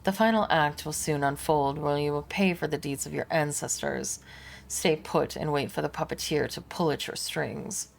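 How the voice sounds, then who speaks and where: A woman voicing a menacing, aloof male alien harlequin in a game, speaking slowly and with contempt. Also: low-pitched, vocal fry, a little hiss or hum. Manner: slow, contemptuous, grandiose speech. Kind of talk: reading game dialogue aloud.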